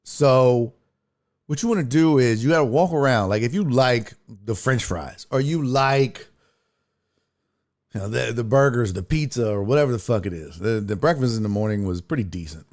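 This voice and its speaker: A man hosting a stream, telling stories in casual chat with profanity and big, lively swings in his voice. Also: moderate pace. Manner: animated, profane storytelling with big pitch jumps. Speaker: streamer host.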